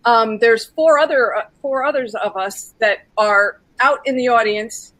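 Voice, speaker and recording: Female moderator, high bright voice, slow pace, live online panel. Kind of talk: hosting a live online session.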